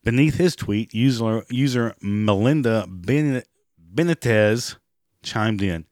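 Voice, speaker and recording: A hoarse man with a raspy voice, giving sarcastic, profane commentary and mocking the people he talks about. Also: lowish voice, slow, darkish tone, dry recording, studio quality. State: hoarse, clearing throat and coughing. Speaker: commentary vlogger. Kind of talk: ranting commentary.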